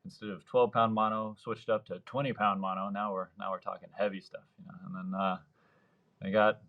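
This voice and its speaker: A man's voice: on the low side, little pitch movement, a little fast, creaky, a bit bright. A man in his thirties, a surf fishing guide, telling long rambling stories in a casual interview and acting out the voices of the people he quotes. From Mexico, Baja California Sur. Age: 30s.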